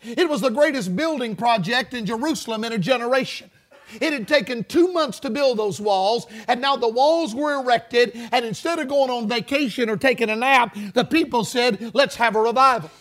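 High-voiced man preaching revival. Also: normal speed, a bit bright. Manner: rhythmic, emphatic preaching with call and response. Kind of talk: revival sermon.

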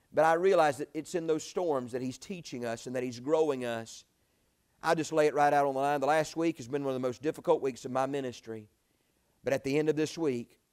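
A quick-talking man in his forties preaching from the pulpit. His voice sits a bit high, and he tells homey stories that rise to loud bursts and drop to near-hushed asides. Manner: folksy storytelling, swinging from loud exclamations to quiet asides. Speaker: pastor. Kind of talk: sermon.

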